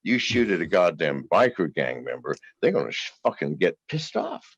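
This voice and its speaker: A man with a very deep voice tells stories in a casual interview, swearing freely and laughing between lines. His voice swings widely in pitch and sounds husky. The recording is dull and dry. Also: wildly swooping pitch, moderate pace, no room sound. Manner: profane, laughing anecdotal storyteller.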